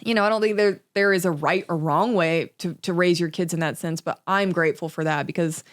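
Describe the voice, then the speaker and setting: A young woman from Alabama, a podcast guest talking in a reflective, unhurried way with lots of "you know"s. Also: on the low side. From Alabama, US South. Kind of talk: casual conversational interview.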